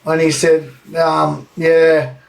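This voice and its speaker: A man's voice: medium pitch, fairly even intonation, moderate pace, far from the mic. A man in his thirties with an Australian accent, telling a rambling anecdote on a podcast and swearing freely. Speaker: podcast host. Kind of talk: casual storytelling.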